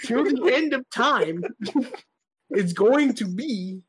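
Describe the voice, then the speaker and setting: A man talks slowly on a casual podcast, his pitch swooping widely up and down as he jokes with a crude edge. His unhurried, sing-song delivery stands out from the rest of the panel. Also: animated, breathy edge. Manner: slow, sing-song delivery, profane joking. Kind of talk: casual group chat.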